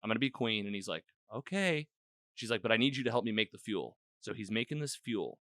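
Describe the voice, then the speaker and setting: A fast-talking man with a fairly low, expressive, slightly bright voice hosts a podcast through his own microphone, and the sound is clean and echo-free. His recap of the episode is loose and meandering, with lots of "like" and dramatized character lines.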